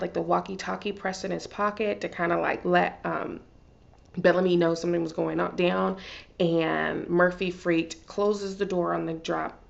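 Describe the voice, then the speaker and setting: Gravelly-voiced woman gushing about TV. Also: on the low side, lo-fi sound. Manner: gushing, filler-heavy chatter. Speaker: TV recap vlogger. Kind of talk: casual TV recap.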